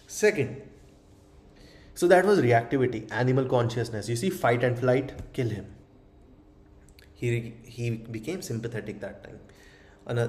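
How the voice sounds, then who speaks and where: A man's voice: mid-range voice, a little mellow. A man coaching a seminar group. He acts out short exchanges to make his point, swears casually and keeps checking whether the room is following. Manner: acts out little scenes, swears freely, rhetorical questions. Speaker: dating coach.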